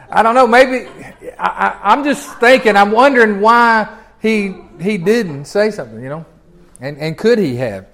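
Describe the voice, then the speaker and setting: A folksy man with a drawl teaches scripture to a small group. His voice sits high for a man, and his delivery is animated and conversational, broken up by chuckles and restarts. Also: normal speed. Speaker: pastor teaching a Bible class.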